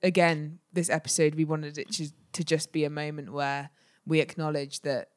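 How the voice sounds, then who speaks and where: A woman's voice: low-pitched, little pitch movement, moderate pace. A woman in her forties co-hosting a podcast, talking earnestly in casual chat. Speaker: podcast co-host.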